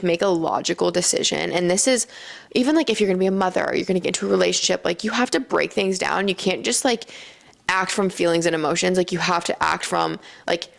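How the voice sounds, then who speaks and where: A woman's voice: on the low side, vocal fry. A young woman vlogger talking earnestly to her viewers in a casual, reflective way, full of "like" fillers. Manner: chatty, earnest, frequent "like" fillers. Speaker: lifestyle vlogger. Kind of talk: casual reflective talk to camera.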